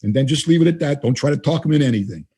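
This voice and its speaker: Older male interview guest, mellow and husky, a loose storyteller who plays out the dialogue he quotes. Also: fairly high pitch, animated, very fast. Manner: conversational, acts out quoted dialogue. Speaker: guest trainer.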